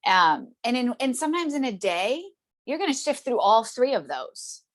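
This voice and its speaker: A woman's voice: fairly high pitch, big pitch swings, moderate pace. A woman as an interview guest, telling a story in a chatty way, full of tag questions and fillers, who laughs often and acts out the voices she quotes. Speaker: interview guest, essential oils seller. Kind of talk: casual conversational storytelling.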